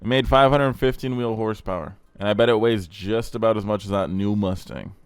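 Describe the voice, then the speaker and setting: A man's voice: lowish voice, fairly even intonation, a little fast, smooth, no echo. A young man hosting a car channel, giving blunt, crude, rambling casual commentary.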